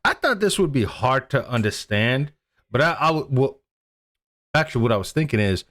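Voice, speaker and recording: An American man hosting a casual reaction video, animated and prone to repeating himself. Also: mid-range voice, normal speed. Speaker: host.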